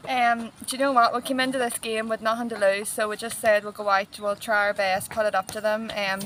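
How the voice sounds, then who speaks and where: A woman's voice: on the high side, flat delivery, brisk, fairly bright tone, slight background noise. A young woman, speaking as team captain in a modest, matter-of-fact post-match interview.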